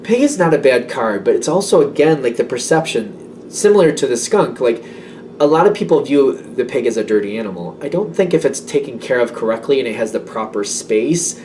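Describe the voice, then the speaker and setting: A man's voice: medium pitch, animated, brisk, darkish tone, recorded from a distance, slight background noise. A man giving a casual tarot reading, rambling and self-doubting, with many fillers. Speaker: tarot reader.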